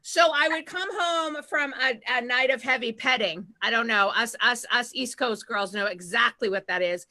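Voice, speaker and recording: Chatty high-voiced woman comic. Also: normal speed, hardly any pauses, bright, forceful tone. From Massachusetts. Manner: chatty, conspiratorial, full of fillers. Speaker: stand-up comedian and show host. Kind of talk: stand-up comedy set. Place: home, live stream.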